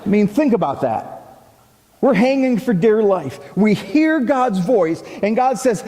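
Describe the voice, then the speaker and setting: A man preaching a sermon as pastor, animated and acting out the voices of the people he quotes. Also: sits high, measured pace. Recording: long hall reverb.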